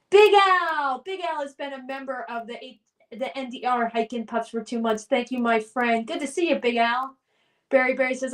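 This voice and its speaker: A woman's voice: fairly high pitch, recorded from a distance. A middle-aged woman hosting a live stream, reading viewer comments aloud in a chatty, upbeat way. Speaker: livestream host reading chat. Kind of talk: casual live-stream chat.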